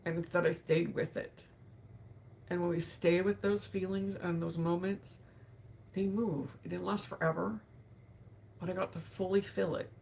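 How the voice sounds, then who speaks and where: A woman speaks softly on a live session, her voice tearful and unhurried, broken by sighs and pauses. Her tone sits a little low and carries a gravelly edge of vocal fry. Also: a little hiss or hum. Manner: emotional, soft-spoken, with sighs and pauses. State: tearful, grieving. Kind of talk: reflective live talk.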